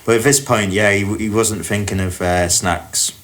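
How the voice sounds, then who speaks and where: A man's voice: lowish voice, fairly even intonation, moderate pace, fairly bright tone, a little hiss or hum. A man from Doncaster, England, co-hosting a comedy podcast in casual, rambling chat full of "like" and "um". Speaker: podcast co-host.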